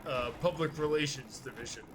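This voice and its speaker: With a fairly bright mid-range voice and a little hiss or hum in the recording, he speaks slightly quickly. This podcast host's casual talk is rambling and profane, peppered with laughter and reenacted quotes.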